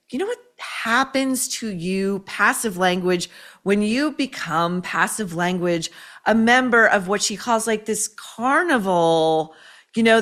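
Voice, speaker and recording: A woman's voice: mid-range voice, fairly bright tone. A woman hosting a commentary show, scathing and sarcastic as she tears into her subject. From United States. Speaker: host. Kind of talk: opinionated commentary.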